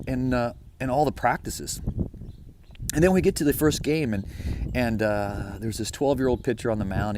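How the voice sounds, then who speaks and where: A middle-aged man giving an informal sermon, telling a story in a lively, conversational way. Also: medium pitch, a little hiss or hum. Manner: storytelling, lively and conversational, drops to a hush for quoted dialogue. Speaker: preacher.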